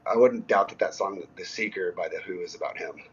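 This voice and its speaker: A male musician guest talking casually about his songs in an easygoing, halting way, full of ums. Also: low voice, lo-fi sound, a little hiss or hum. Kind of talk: casual interview talk.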